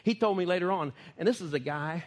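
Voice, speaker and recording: This preacher, a Texan man with a high voice, moves at a quick pace through his sermon storytelling. Folksy and laughing, he animates each tale as his words echo around the hall.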